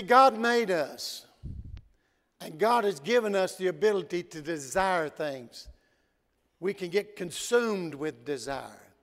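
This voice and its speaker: A man preaching a sermon in a church, telling stories and swinging between loud emphasis and quiet asides. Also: a little high. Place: church sanctuary. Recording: long church hall reverb.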